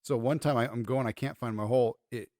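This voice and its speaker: Fast-talking man in casual podcast chat. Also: mid-range voice, dry recording, studio quality. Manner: quick, animated storyteller who acts out quotes. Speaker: podcast co-host. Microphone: podcast microphone.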